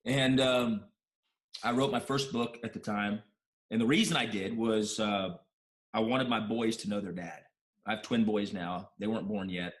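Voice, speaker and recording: A man's voice: fairly low pitch, steady tone, normal speed. A man, a guest in an interview, telling a personal story in a heartfelt, emotional way, with many restarts.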